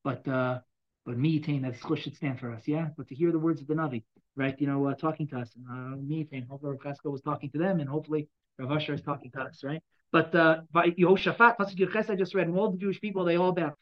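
A man teaching a Bible class, reading verses aloud and explaining them in a dramatic, animated way, from loud bursts to quiet asides. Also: a little high, quick pace, muffled recording. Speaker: Torah teacher.

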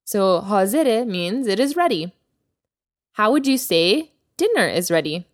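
A woman hosting a language lesson podcast as the teacher, speaking clearly and slowing down to model new words. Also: mid-range voice, sing-song, no room sound, studio quality. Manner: clear teacherly delivery, slows down for vocabulary. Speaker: Persian teacher, podcast host.

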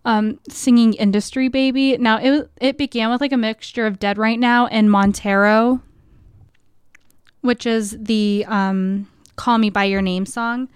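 A woman's voice: a little high, steady tone, unhurried, clear, resonant tone, no room sound. A young adult woman hosting a podcast from a college radio studio, rambling casually with constant "like" fillers and frequent laughs. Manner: chatty, filler-heavy with frequent "like", laughs often. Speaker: podcast host.

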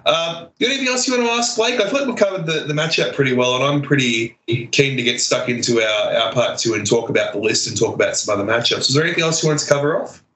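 A man's voice: mid-range voice, fast, hardly any pauses, fairly bright tone. A man co-hosting a casual podcast chat, laid-back and teasing with frequent chuckles. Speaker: podcast co-host. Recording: roomy echo.

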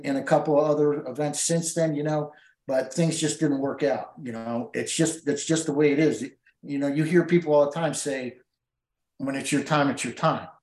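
A man's voice: a little high, darkish tone. A middle-aged man, a tournament angler, telling a long emotional story with many fillers and restarts in an interview. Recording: roomy echo.

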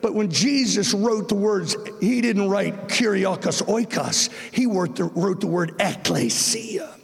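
A man preaching a sermon with passion, his voice surging up to shouts. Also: high voice, lively intonation, unhurried, gravelly. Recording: long reverb of a large hall.

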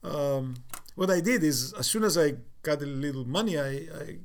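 A man in his sixties with a Cypriot accent, recounting his life as an interviewee in a halting way with many fillers and restarts. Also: fairly high pitch. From Cyprus. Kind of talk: reflective storytelling.

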